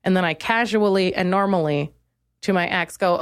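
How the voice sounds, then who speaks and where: A young woman comedian hosting her own podcast, in a rambling, crude, self-deprecating monologue that jumps into high, exasperated rants. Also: moderate pace, clean tone, no echo, clean studio sound.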